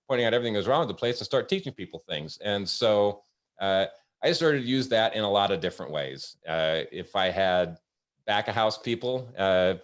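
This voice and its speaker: A man with a very low, deep voice hosts a casual webinar. He tells work stories at an easygoing pace, pausing often with ums and uhs, speaking over what sounds like a video call. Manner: storytelling, halting with many fillers. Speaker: host. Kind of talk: casual webinar talk with anecdotes.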